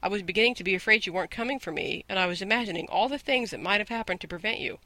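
A man's voice: high voice, rapid-fire, bright, forceful tone, no room sound, full character voice, low-quality recording. A man doing a breathless, chatty orphan girl. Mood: eager. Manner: breathless eager run-on chatter. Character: chatty imaginative eleven-year-old orphan girl. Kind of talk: audiobook character voice.

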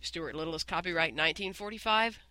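A man narrating a children's storybook in a clear, measured, gently expressive way. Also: fairly high pitch, poor audio. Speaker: audiobook narrator.

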